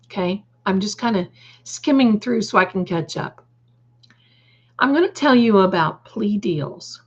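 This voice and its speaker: A woman's voice: medium pitch, lively intonation, unhurried, breathy edge, dull audio. A woman hosting a casual livestream, reading the chat aloud, calling her viewers darling and adding snarky, opinionated asides. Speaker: livestream host.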